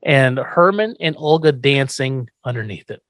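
A podcast co-host recapping a TV episode in casual chat, a lively storyteller who swears freely. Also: mid-range voice, moderate pace, no echo.

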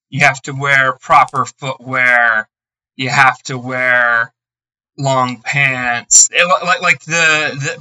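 Man, podcast co-host, very bright voice, chatty anecdotes, casual. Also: mid-range voice, poor audio. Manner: chatty anecdotes, many fillers. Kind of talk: casual chat.

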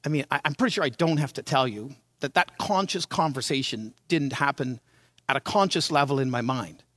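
A man in his sixties preaching a sermon, telling his childhood story in a dramatic, animated way. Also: fairly high pitch, dry recording. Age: 60s.

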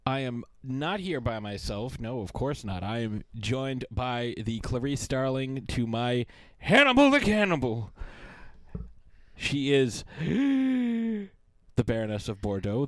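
Casting: male podcast host, mid-pitched, joking and rambling, dry close sound. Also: expressive, measured pace, no echo. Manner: rambling, jokey, crude. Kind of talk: casual chat.

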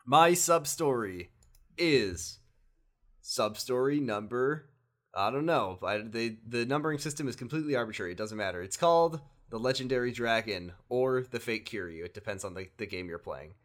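A man's voice: medium pitch, normal speed. A man chatting casually on a podcast, recapping a video game, laughing often and acting out the characters' lines. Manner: animated, laughs often, acts out quotes. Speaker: podcast co-host.

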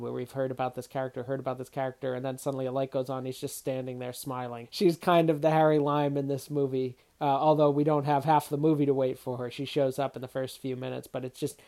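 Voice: medium pitch, flat delivery, brisk, hardly any pauses, a little mellow. Reflective film commentator thinking aloud. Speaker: film reviewer. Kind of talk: casual spoken film commentary.

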